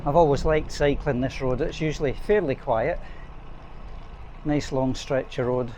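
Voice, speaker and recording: A middle-aged man, a head teacher, chats wryly to the camera as he cycles along an urban road, telling anecdotes in a casual storytelling vlog. His voice sits in the mid range and moves at a measured pace. The action camera mounted on his bike picks up faint street and traffic noise.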